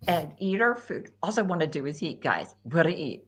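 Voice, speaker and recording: A woman's voice: deep voice, sing-song, a little fast, few pauses, breathy edge. A woman in her sixties hosting a casual livestream chat, flustered and self-mocking. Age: 60s. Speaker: host.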